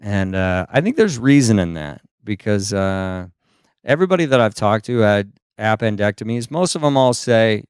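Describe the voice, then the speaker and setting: A man's voice: lowish voice, lively intonation, moderate pace, a little mellow, clean tone, no echo, studio quality. A male stand-up comedian telling rambling, self-deprecating stories with lots of "uh" asides. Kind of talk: stand-up storytelling.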